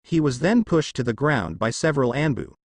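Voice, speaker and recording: A man reading a fan fiction story aloud in a steady narrating voice. His pitch is in the middle range but rises and falls a lot. The sound is dry and close, with no room echo. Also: a little fast.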